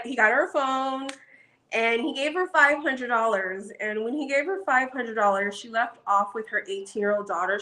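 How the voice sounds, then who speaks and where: Brief: woman show reviewer, fairly high, bright voice, gossipy casual recap. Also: rough recording. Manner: chatty and gossipy, frequent ums.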